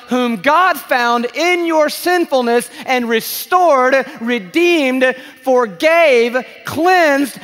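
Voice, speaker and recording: Preaching a sermon at a large conference, a man speaks in an extremely high, slightly bright voice. He's emphatic and drawn out, tossing in playful asides, and the live hall echoes around him.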